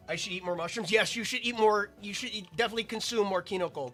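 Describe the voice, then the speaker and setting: Chatty high-voiced man rambling over gameplay. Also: fast talker, few pauses, bright, forceful tone, faint music behind. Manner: rambling, chatty, self-interrupting. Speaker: gaming video creator. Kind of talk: casual gameplay commentary.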